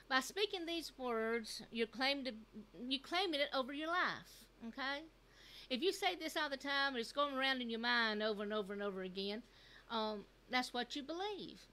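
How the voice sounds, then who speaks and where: Middle-aged lady preaching to youth night, earnest and chatty, bright voice sitting a bit high. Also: expressive, normal speed. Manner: earnest, repetitive, conversational preaching with fillers. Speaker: youth service speaker. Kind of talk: sermon.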